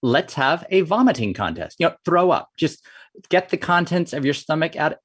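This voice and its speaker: Man voicing small trickster frog, sly bragging tone, lively pitch for a folktale. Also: normal speed, husky, no room sound, studio quality, exaggerated voice. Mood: boastful. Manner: sly and boastful. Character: small clever male frog, boastful trickster.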